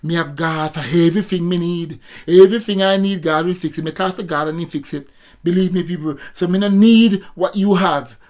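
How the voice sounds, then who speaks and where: A Jamaican man around sixty, a former amateur boxer, talking to his viewers in a casual vlog monologue, preachy and repetitive, always calling out to his audience. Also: fairly high pitch. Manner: preachy, repetitive, keeps addressing viewers as people.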